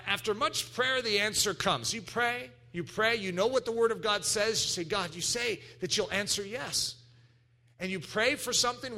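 Male pastor, lively sermon delivery, bright high voice, swings wide in pitch, bursts into shouts. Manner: animated preaching with acted-out voices and sudden shouts.

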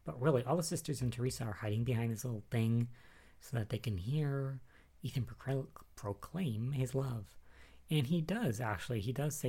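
A man talks through a recap in a loose, chatty way, full of fillers and little asides. He wanders off on tangents before coming back to the point, at a middle pitch. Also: normal speed, warm tone. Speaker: recap vlogger. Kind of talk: casual episode recap.

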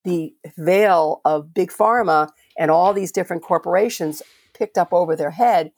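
A woman's voice: fairly low pitch, normal speed, a little mellow, no room sound. An older woman from Florida, a veterinarian guest on a podcast, telling stories in a passionate, conversational way with frequent restarts. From Florida, USA. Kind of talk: podcast interview storytelling.

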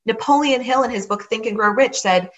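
A woman's voice: on the high side, brisk, dull audio. A woman hosting a motivational podcast, telling a personal story in an earnest, encouraging way and repeating phrases for emphasis. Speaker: podcast host.

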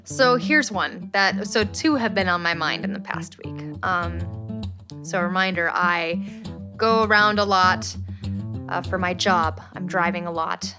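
Slow-talking woman podcast co-host. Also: lowish voice, music in the background. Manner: slow, laid-back storytelling with frequent laughs. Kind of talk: casual comedy chat.

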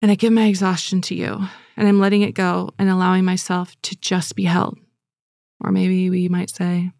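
A woman giving earnest, gentle devotional teaching and leading listeners in prayer, speaking casually with fillers. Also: fairly low pitch, flat delivery, normal speed, gravelly, dry recording, studio quality.

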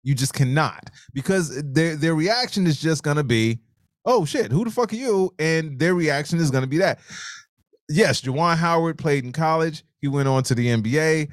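A man's voice: on the high side, moderate pace, dry recording, clean studio sound. A man co-hosting a live show, telling stories animatedly, swearing freely and reading out viewer comments. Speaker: livestream co-host.

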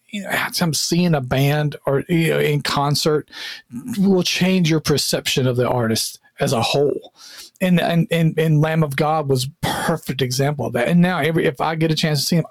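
Guy cohosting a podcast, joking and cussing a lot, bit high pitched, dry mic. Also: dry recording. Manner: boisterous, swears freely, teasing. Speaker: podcast host. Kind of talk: casual chat.

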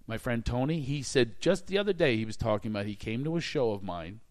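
A man's voice: mid-range voice, a little fast. A man hosting a podcast, telling self-deprecating stories in a casual comedic chat. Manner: animated, self-deprecating storyteller. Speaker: podcast host.

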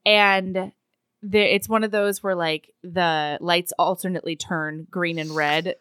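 A woman's voice: fairly low pitch, unhurried, clean tone, no room sound, studio quality. A woman co-hosting a casual chat, retelling a story and acting out the characters' lines. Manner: animated storyteller who acts out characters' lines. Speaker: podcast co-host recapping a romance novel. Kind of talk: casual chat, retelling scenes with quoted voices.

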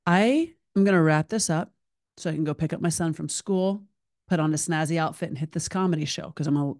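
Animated woman host, dry close mic. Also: low-pitched, a little fast, no room sound. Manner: animated, emotional, chatty with frequent "like". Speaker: podcast host. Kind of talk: solo podcast monologue.

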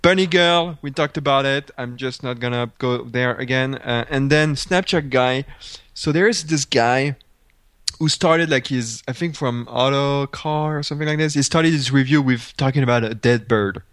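A man co-hosting a casual podcast, telling stories with animation and plenty of "like" and "you know." His voice sits at a middle pitch. The recording is dry and close. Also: moderate pace, dry recording. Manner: animated storyteller with frequent fillers and laughs. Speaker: podcast co-host. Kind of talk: casual chat.

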